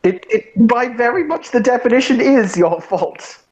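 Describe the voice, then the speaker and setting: A man's voice: medium pitch, steady tone, fairly quick, echoey room, lightly acted. A man voicing a bitter sarcastic talking cat. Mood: indignant. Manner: dry, sarcastic, bursts into indignant shouting. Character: sardonic male talking house cat, bitter and loud. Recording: dull lo-fi home mic.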